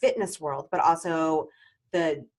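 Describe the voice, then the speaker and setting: A woman's voice: sits low, steady tone, measured pace. A woman hosting an interview, chiming in and chatting with her guest. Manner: reactive, chiming in. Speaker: host. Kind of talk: casual chat.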